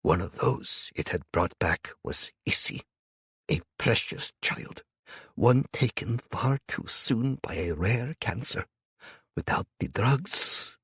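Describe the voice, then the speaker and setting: Man doing a sorrowful older imam, audiobook, hushed, gentle, very slow, husky. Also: low-pitched, big pitch swings, dry recording, studio quality, exaggerated voice.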